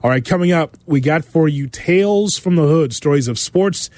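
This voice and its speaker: Wisecracking radio sports host. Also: male voice, on the high side, animated, darkish tone, no room sound. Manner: wisecracking, quick asides after each story. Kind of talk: casual sports radio talk, reading news items.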